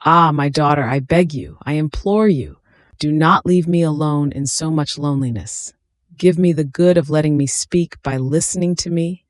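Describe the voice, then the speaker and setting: A reader voicing a suffering infant Christ in a slow, tender, pleading devotional reading. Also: medium pitch, dry recording, studio quality, lightly acted.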